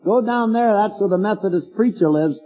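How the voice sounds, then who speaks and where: An older man voicing a cantankerous old farmer with a gruff drawl, heard through a tinny, echoey hall recording. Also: high-pitched, brisk, soft background music. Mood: grudging.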